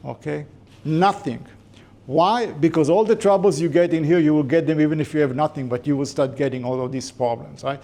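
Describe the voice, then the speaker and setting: A male lecturer addresses a class in a mellow, somewhat high voice, talking fast with few pauses. His delivery is informal and conversational, with jokey asides between points.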